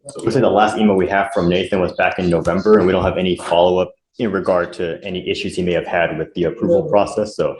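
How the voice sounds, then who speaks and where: A man's voice: low voice, fairly even intonation, quick pace, a little mellow. A man speaking as the state's attorney in a courtroom, formal and deferential as he reports on a case. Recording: roomy courtroom, faint noise.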